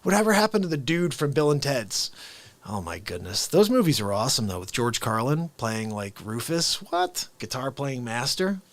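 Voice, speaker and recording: This man speaks in a mid-range voice at normal speed while hosting a daily live variety show. It's casual livestream chat, animated and jokey, where he laughs a lot and keeps drifting off topic.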